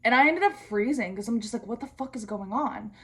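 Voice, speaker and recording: A woman's voice: a little high, lively intonation, a little fast. A young adult woman vlogging, chatting casually through a storytime while she does her skincare, slangy and profane with comic asides.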